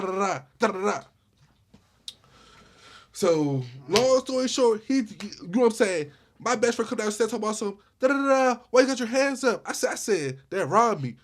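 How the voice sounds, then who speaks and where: Husky fast-talking man telling a story. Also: high-pitched. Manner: animated retelling with many repeated starts. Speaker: storyteller vlogger. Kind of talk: casual storytime.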